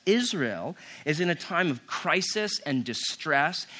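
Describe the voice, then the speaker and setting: A man preaching a sermon as pastor, reading scripture and explaining it in a conversational way, with quick asides to the listeners. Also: fairly high pitch, bright, forceful tone. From United States. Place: conference hall with an audience.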